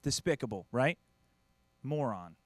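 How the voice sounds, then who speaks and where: Speaking a little slowly at a medium pitch, a middle-aged man from the United States delivers stand-up on a dry recording. His performance is animated as he acts out family members through quoted voices.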